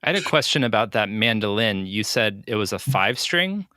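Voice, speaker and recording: A man's voice: fairly low pitch, lively intonation, a little fast, pushed and bright, no room sound, studio quality. A man hosting an interview, asking short, curious follow-up questions. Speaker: podcast host.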